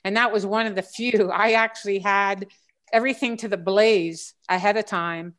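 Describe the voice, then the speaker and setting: A woman's voice: mid-range voice, fairly even intonation, moderate pace, a bit bright. A woman guest on a casual group chat, talking in long rambling stretches with frequent restarts and fillers. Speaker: guest treasure hunter.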